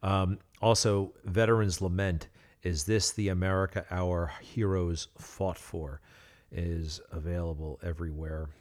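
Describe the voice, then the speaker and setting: A man hosting a podcast, telling a story casually and haltingly with many fillers and small laughs. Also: low-pitched, fairly even intonation, a little mellow. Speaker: podcast host.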